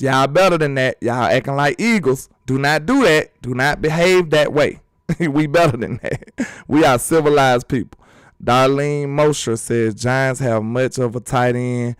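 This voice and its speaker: A man hosting a casual sports talk vlog, animated and emphatic, full of rhetorical questions. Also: mid-range voice, clear, resonant tone, dry recording. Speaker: sports channel host.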